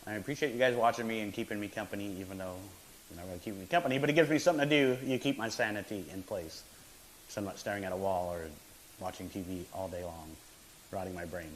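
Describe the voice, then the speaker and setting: A man's voice: on the low side, slight background noise, rough recording. A man hosting a casual home cooking stream from his apartment kitchen, chatty and laid-back, laughing often. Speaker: host of a home cooking show.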